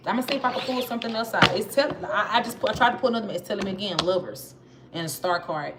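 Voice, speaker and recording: A tarot reader with a Southern accent gives a casual, chatty, slangy reading, speaking straight to her viewers. Her voice is mid-range and quick, and the recording is noisy with clicks.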